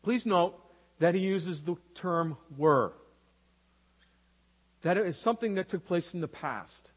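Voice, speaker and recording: A man's voice: high voice, expressive, takes it slowly, in a large hall. A man preaching a sermon as pastor, praying and then teaching with rhetorical questions.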